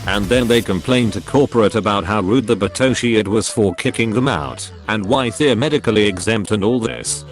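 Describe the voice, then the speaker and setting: A man's synthetic voice reading forum posts aloud in a flat tone, misreading symbols and abbreviations. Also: lowish voice, fairly quick, few pauses, faint music behind. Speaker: narrator reading online posts.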